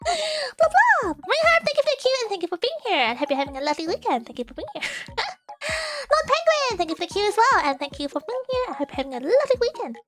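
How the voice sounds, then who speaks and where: A woman's voice: extremely high pitch, sing-song, very fast, over music. A young woman hosting a live stream in casual chat, giggling often and ranting playfully at herself. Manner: playful, self-mocking rants. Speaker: streamer host.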